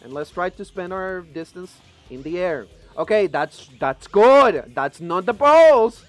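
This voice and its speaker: A high-voiced male streamer with a native Spanish speaker's English swings his pitch all over as he plays. He curses freely, pleads with the game and yells at it, with faint music playing underneath. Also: measured pace, no room sound. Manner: profane, excitable, pleading with and yelling at the game. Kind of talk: live gameplay commentary.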